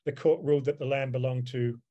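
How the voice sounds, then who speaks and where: A man gives a seminar talk over a video call, answering questions at length. He wanders through his points with ums and repeated words, in a voice of ordinary pitch for a man. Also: steady tone, fast talker, mellow, highs cut off. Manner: discursive, with many fillers and repeated words. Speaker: seminar speaker, solicitor advocate.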